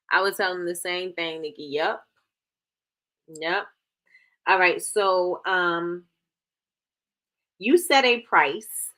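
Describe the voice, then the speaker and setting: Woman host, bright tone, sassy and playful, reading chat comments live. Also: medium pitch. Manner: animated, laughing, playful sass. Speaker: livestream host.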